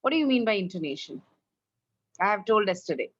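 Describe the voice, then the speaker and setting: A woman's voice: mid-range voice, very animated, brisk, no echo, dull audio. A woman with an Indian English accent teaching English online, correcting her students' pronunciation and drilling them. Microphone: online class, video call.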